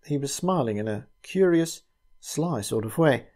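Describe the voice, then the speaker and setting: A man narrating a classic ghost story aloud in a measured, steady way. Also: mid-range voice.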